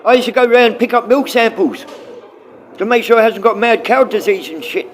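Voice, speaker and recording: A man's voice: very high voice, fairly quick. A middle-aged man livestreaming, rambling and swearing casually as he answers his viewers.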